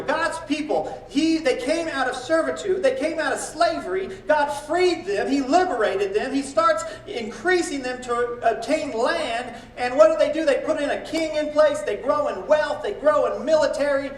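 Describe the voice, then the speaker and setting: A man preaching a sermon as pastor, animated and acting out quoted prayers and boasts. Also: extremely high pitch, reverberant, far from the mic, low-quality recording. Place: church.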